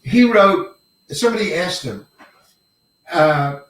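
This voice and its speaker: An older man, a veteran actor, spins animated stories, slipping into other people's voices and cursing freely. His voice sits a little high for a man. The room is echoey, and the mic sits some distance away. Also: normal speed. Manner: animated, acts out quoted lines, swears casually. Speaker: actor guest. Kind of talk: storytelling interview.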